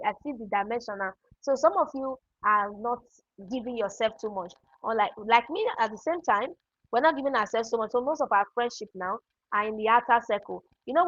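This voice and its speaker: A woman's voice: on the high side, no echo, lo-fi sound. A woman hosting a live online productivity class, telling stories and answering participants' chat comments by name. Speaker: webinar host and productivity coach. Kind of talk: live online teaching session.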